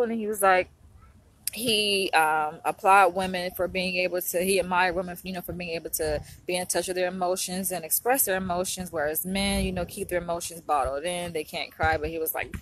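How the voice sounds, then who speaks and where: A woman's voice: fairly low pitch, normal speed, a bit bright. A young adult woman talking to camera in a casual vlog while crying, heartfelt and rambling with many fillers. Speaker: vlogger and doctoral psychology student. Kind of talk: emotional casual vlog talk.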